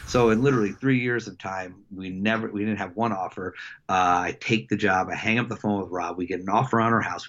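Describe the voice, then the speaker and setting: A middle-aged man with a very low voice tells a story in a relaxed interview. He stumbles and restarts often, leaning on fillers. The recording sounds muffled and lo-fi. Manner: halting, many fillers and restarts. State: emotional. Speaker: coach. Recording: dull lo-fi sound.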